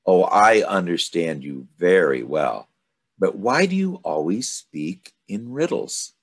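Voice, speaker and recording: Guy reading a storybook and doing a little boy prince from a star, curious and earnest, asking wondering questions in a raised, lively voice. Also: deep voice, takes it slowly, husky, voice pushed up, full character voice.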